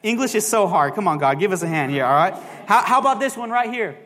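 A man's voice: sits high, expressive, fast, a bit bright. A male pastor preaching to his congregation in a playful, joking way, quizzing them and saying "all right?" constantly. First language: bilingual. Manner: playful, jokey, asks the congregation questions. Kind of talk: sermon. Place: church sanctuary. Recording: long hall reverb.

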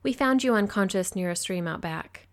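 A woman reading an audiobook, voicing a brisk, warm young mother in a lively, friendly way, higher than her narration. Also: natural voice. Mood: friendly, upbeat.

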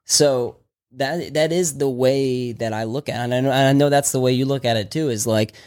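A man's voice: mid-range voice, a little fast, a little mellow. A man chatting casually as a dog trainer on a podcast, loose and rambling with many restarts. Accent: Texan.

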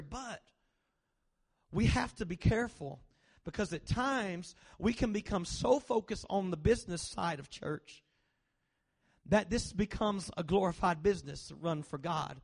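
A man's voice: high-pitched, normal speed, gravelly. A male pastor preaching a conversational sermon in a church, often questioning the congregation and restarting his phrases. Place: church sanctuary.

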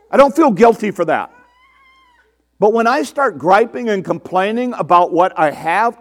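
A man with a high, light voice preaches a sermon in an easy, conversational way. He asks his listeners questions and answers them himself, and he mimics the complaints of the people he quotes. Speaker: pastor.

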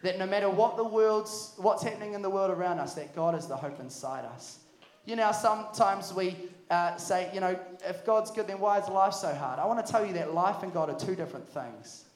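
High-voiced New youth preacher. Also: male voice, a little fast. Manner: energetic, jokey storytelling. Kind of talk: sermon. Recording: echoey hall.

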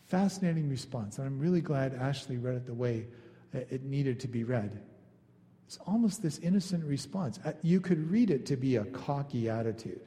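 A man delivering a sermon in a relaxed, talky manner, with a mellow, darker tone. His voice carries a long reverb from the large hall he speaks in, and he slips into little voices for the people in his story. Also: medium pitch, moderate pace. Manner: conversational, acts out quoted lines. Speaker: pastor.

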